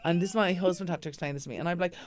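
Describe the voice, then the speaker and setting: A woman with an Irish accent hosting a studio podcast and telling stories in an expressive, playful way. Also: fairly low pitch, racing. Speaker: podcast host. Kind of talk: podcast interview chat.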